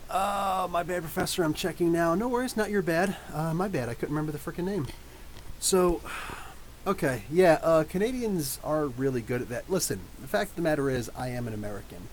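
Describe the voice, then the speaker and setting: A man's voice: fairly high pitch, brisk, a little hiss or hum. A man in his thirties from New Jersey, hosting a casual live podcast Q&A, talking in a rambling, chatty way with many restarts. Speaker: podcast host.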